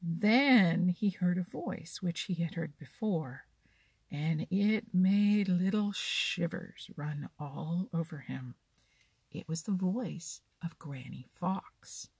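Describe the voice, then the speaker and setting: A woman reads a children's storybook gently, at a slow pace. Her voice is low, husky and gravelly. The recording is dry and close to the mic. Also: dry recording.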